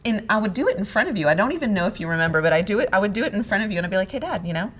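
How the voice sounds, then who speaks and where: A middle-aged woman co-hosting a casual talk on marriage, telling stories in an animated way and laughing often. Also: medium pitch, very fast. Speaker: podcast co-host, wife. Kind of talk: casual conversation about marriage.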